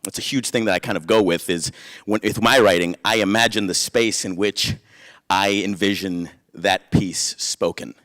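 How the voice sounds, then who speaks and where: A man, a playwright and performer, reading spoken-word verse and telling stories in an animated way, acting out the voices of people he quotes. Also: sits low, normal speed.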